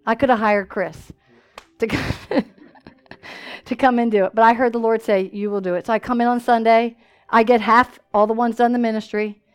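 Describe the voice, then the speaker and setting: A woman preaching a sermon in a church, telling stories with lively call-and-response asides. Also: a little high, normal speed, pauses often, smooth.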